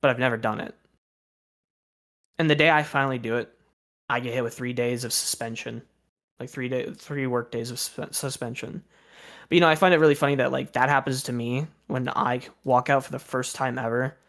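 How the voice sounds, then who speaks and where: A man's voice: mid-range voice, steady tone, brisk, fairly bright tone. A young man streaming, telling a story in a casual rant, exasperated and aggrieved, swearing freely.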